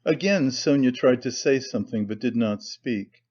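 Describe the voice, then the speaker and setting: A man narrating a classic novel as an audiobook in a measured, steady way, in a slightly muffled recording. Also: mid-range voice.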